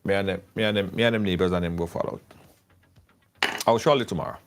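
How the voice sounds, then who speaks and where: A middle-aged man hosting a live show, pitching products and telling stories in an excitable, repetitive way. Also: quick pace, noisy background. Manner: storytelling, excitable, repeats himself. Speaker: live show host doing product ads. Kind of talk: animated live-stream ad chat. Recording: faint music behind.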